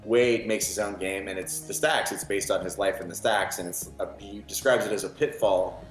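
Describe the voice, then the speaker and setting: A man, a novelist, speaking in a documentary interview, relaxed and halting with many fillers. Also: fairly low pitch, music in the background. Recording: roomy echo.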